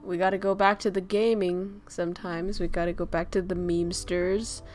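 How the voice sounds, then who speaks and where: A woman's voice: on the low side, flat delivery, moderate pace, darkish tone, faint music behind. Laughing, swearing woman streamer. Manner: laughs often, swears casually, jokey and rambling. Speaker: streamer host. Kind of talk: casual chat stream.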